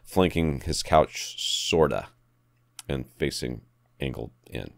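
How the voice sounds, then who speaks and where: A man co-hosting a podcast, reading out a listener's room description in a relaxed way. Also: extremely low pitch, takes it slowly, gravelly, no room sound, clean studio sound. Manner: relaxed, reads listener letters, laughs often. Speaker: podcast co-host. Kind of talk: casual technical chat.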